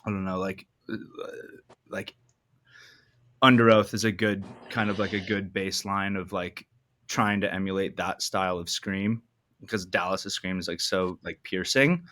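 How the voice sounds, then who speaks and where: A man with a low but bright voice talks loosely about his start in music. He fills his sentences with likes and ums. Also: steady tone, moderate pace. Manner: laid-back, many fillers. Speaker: band vocalist. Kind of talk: casual video interview.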